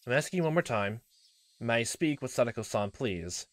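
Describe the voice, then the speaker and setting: A man voicing a courteous, persistent child welfare official on the phone, formal and steady. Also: medium pitch, fairly quick, no room sound, close to an everyday voice.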